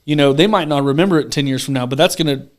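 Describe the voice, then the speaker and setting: A man's voice: a little high, rapid-fire. Rambling, foul-mouthed young man host. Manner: rambling, swears freely. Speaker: podcast host. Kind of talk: casual chat.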